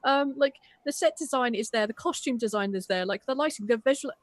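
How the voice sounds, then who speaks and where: Excited young woman gushing about a show, high-ish voice, cussing a lot, dead dry sound. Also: brisk, no echo. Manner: enthusiastic, gushing, swears freely, restarts often. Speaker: podcast co-host. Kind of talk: casual chat.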